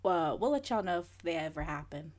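A woman's voice: deep voice, lively intonation, fairly quick. A woman in her twenties co-hosting a podcast, chatting in a laid-back way and laughing easily. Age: 20s. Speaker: podcast co-host. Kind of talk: casual chat.

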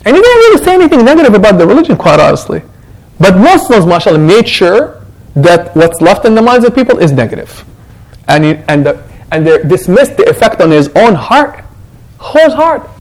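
A man's voice: high voice, poor audio. A man, an imam, giving a conversational Quran reflection to his congregation and acting out what others say. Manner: animated, conversational, acts out quotes.

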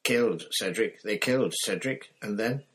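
A man's voice: fairly low pitch, normal speed, pitched above the performer's own voice, lightly acted. A man reading an audiobook, voicing a shaken teenage boy wizard in an urgent, breathless, pleading way. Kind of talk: audiobook character voice.

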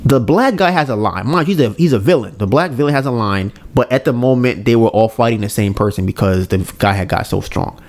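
A man hosting a podcast, retelling a scene in a casual, animated way, acting out lines and often adding "right?". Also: mid-range voice, brisk, hardly any pauses. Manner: frequent "right?" tag questions. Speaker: podcast host. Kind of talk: casual storytelling recap.

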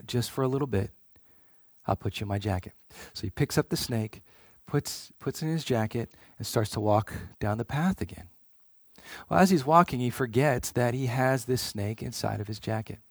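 A man's voice: medium pitch, a little mellow, dry recording, studio quality. A man preaching a sermon in an earnest way, often repeating words as he starts a phrase.

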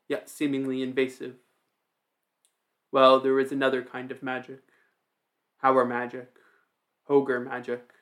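Storybook ogre woman, ancient, commanding, assertive, level mid-pitched delivery, man reading her. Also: a bit bright, natural voice. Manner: strong, assertive tone.

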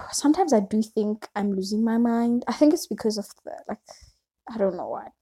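A woman's voice: on the high side, normal speed, warm tone. A young woman talking casually to her camera at home, rambling on with lots of fillers. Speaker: vlogger.

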